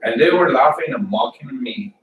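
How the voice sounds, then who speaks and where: A man from Colombia, giving an informal sermon and personal testimony for a church service, halting and often repeating words as he tells his story. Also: mid-range voice, fairly bright tone, echoey room, distant mic, a little hiss or hum, low-quality recording. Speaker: church speaker.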